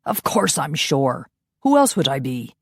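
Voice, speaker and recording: A woman voicing a gruff, centuries-old male vampire. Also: low-pitched, big pitch swings, a little slow, no echo, clean studio sound, exaggerated voice. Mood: grumpy. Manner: gruff, grumbling.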